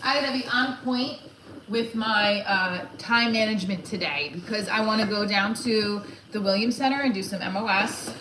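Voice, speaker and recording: A woman's voice: mid-range voice, moderate pace. A woman comedian talking candidly in a casual vlog, frank and rambling, swearing freely with frequent restarts. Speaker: comedian vlogging her day. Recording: echoey room with faint background noise.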